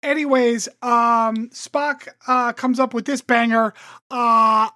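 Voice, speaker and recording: A woman co-host recaps the story in casual chat, full of ums and likes, slipping into quick impressions of the characters. Her voice sits a bit high. The sound is close and dry. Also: steady tone, bright, forceful tone, no echo. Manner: chatty recap with lots of um and like, acts out characters' lines. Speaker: podcast co-host summarizing the episode.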